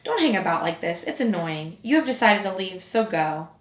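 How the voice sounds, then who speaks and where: A woman's voice: fairly low pitch, sing-song, normal speed. A woman voicing a proud, fragile female flower in a storybook reading, speaking tenderly and pleadingly. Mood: curt. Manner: tender, pleading, gently scolding. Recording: roomy echo.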